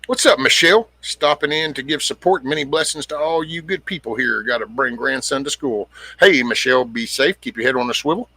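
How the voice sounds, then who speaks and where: A man's voice: mid-range voice, fairly quick, gravelly, hardly any pauses, sharp tone, slightly rough, no room sound. A middle-aged man hosting a casual livestream, rambling bluntly, swearing freely and greeting viewers by name. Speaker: livestream host. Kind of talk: casual livestream chat reading comments.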